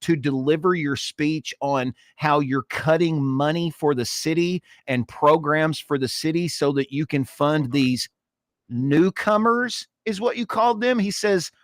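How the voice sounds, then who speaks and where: A man's voice: fairly high pitch, unhurried, few pauses, no room sound, studio quality. Joking man co-hosting a podcast. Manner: joking, talks over others. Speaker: podcast co-host. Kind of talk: casual comedic chat.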